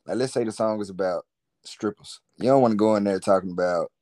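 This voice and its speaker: A very deep-voiced man chatting as an interview guest. He talks in a relaxed, rambling way and drops casual slang as he goes. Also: fast, a little hiss or hum. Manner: laid-back, rambling, slangy. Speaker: guest, musician and entrepreneur.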